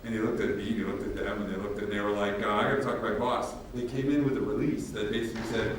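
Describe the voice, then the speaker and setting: A man presenting at a workshop, telling stories in a casual, animated way and acting out both sides of conversations. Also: on the low side, very fast, hardly any pauses, a little hiss or hum. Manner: casual, animated, acts out dialogue. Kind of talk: storytelling workshop talk. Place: large room with audience. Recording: echoey hall from a distance, faint ambience.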